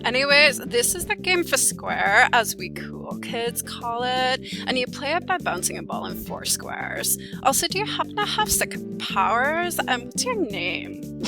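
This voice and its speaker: A woman's voice: high voice, sing-song, over music, heavily acted. A woman playing a snarky bored cool kid. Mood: dismissive. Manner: dismissive, quick, offhand.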